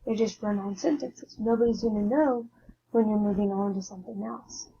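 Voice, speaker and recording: A woman's voice: medium pitch, fairly even intonation, normal speed, gravelly, warm tone, a little hiss or hum. A woman giving a mock classroom lesson as a teacher, talking casually with many filler words. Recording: dull lo-fi with faint ambience.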